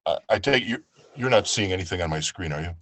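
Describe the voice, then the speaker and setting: A man from New York, an audiobook narrator, talking casually over a video call in a relaxed, chatty way. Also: deep voice, quick pace, no echo. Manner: relaxed, chatty, with fillers and restarts.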